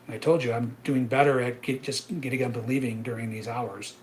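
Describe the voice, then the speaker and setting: A man's voice: medium pitch, steady tone, brisk, few pauses, slight background noise. A middle-aged man hosting a live trading webinar, ranting emphatically and often tagging "right?" onto his points. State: out of breath. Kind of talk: animated live webinar rant.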